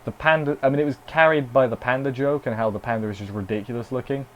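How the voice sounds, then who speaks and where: A man's voice: medium pitch, fairly even intonation, fast talker, highs cut off, a little hiss or hum. A man casually reviewing an anime episode, rambling, with dry sarcastic asides.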